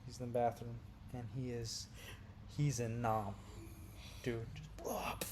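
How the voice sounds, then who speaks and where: A young man casually telling crude stories on a podcast, sliding from low mumbles into loud, animated outbursts. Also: unhurried, slight background noise. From Brazil. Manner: animated, gets loud and laughing when telling wild stories. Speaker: podcast co-host. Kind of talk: casual storytelling chat.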